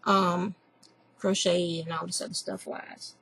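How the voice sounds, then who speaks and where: A woman's voice: lowish voice, level tone, unhurried, vocal fry, fairly bright tone, slightly rough, poor audio. A woman with a Southern accent, hosting a craft show from home in a rambling, chatty way and recording on a computer microphone. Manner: rambling, chatty, reads lists aloud with asides. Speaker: craft podcast host. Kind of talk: casual chat. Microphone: computer webcam mic.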